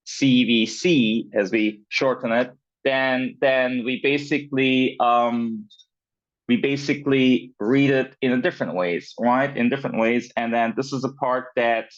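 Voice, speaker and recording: Slow-talking man teaching pronunciation. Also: medium pitch. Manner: slow, with many fillers and repeated words, checking in with "right?". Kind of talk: online class lesson. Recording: dull, lo-fi sound.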